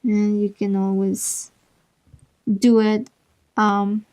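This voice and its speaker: A woman's voice: medium pitch, flat delivery, extremely slow, warm tone. A woman hosting a drawing tutorial, chatting casually as she works and making playful asides to herself.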